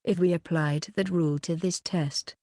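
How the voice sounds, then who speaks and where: Audiobook: woman reading a cold, mocking teacher in a low, dark, dry voice. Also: steady tone, normal speed, dry recording, lightly acted. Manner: cutting, mocking. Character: stern cold female homeroom teacher.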